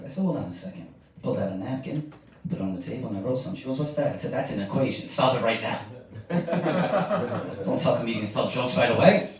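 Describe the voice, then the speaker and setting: A man's voice: mid-range voice, expressive, fast talker, darkish tone. A stand-up comedian tells a crude story to a live crowd, acting out every voice himself. He sounds distant from the mic, and the club room rings with heavy echo. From New York. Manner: crude storytelling, acting out both sides of dialogue. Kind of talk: stand-up set.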